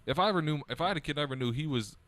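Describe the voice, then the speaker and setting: A man's voice: on the high side, expressive, racing, fairly bright tone, no room sound. A man co-hosting a casual podcast among friends, blunt and teasing, getting worked up as he talks. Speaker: podcast co-host. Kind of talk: casual chat.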